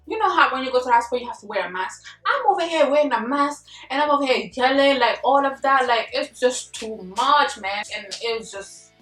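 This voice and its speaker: A young woman vlogger telling a story casually and animatedly, full of slang and acted-out yelling. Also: a little high. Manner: animated, slangy, acts out her own yelling. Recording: echoey room, mic at a distance, faint music.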